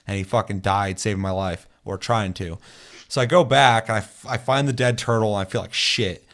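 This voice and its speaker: Low-voiced young man, rambling and profane. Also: a little fast, fairly bright tone. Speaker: podcast co-host. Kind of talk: casual chat.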